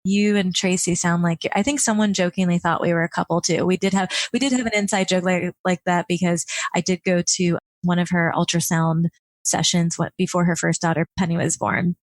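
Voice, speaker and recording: A woman in her thirties, a former chief of staff appearing as a guest on a casual podcast interview, speaks in a lowish, steady voice, a little fast and with no echo. She tells candid stories, laughing often and acting out quotes.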